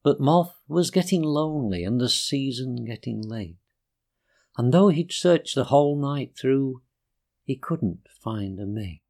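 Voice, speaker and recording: Man, storyteller, rhyming children's verse, gentle, sing-song, very slow delivery. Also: mid-range voice, animated, vocal fry. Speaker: reader of children's poems.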